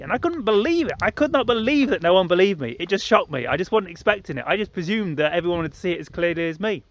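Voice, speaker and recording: A man's voice: sits high, fairly bright tone, no room sound. A man in his late thirties telling a personal story in a rambling monologue, repeating himself and acting out other people's reactions. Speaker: vlogger. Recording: slightly muffled lo-fi audio.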